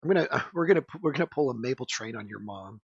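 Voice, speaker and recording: A podcast co-host from the United States rambles through crude banter, full of fillers and swearing. His mid-range voice is expressive, husky and very fast. The sound is dull, lo-fi and dry.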